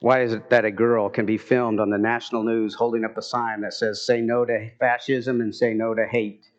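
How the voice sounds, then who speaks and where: A man preaching a sermon, building to emphatic bursts as he retells scripture stories. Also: fairly low pitch. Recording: muffled, dull lo-fi sound.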